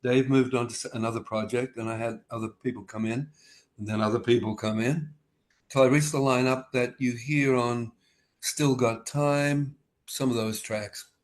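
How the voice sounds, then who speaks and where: Older man, mid-pitched voice, rambling stories, acts out dialogue, video call. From Australia. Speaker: musician guest. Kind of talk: casual interview storytelling.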